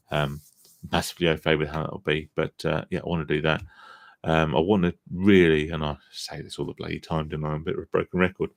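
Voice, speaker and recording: A man's voice: a bass voice, vocal fry, no echo. A man hosting a casual live stream about gambling recovery, chatty and self-deprecating, tired after a long day, swearing casually as he reads viewer comments.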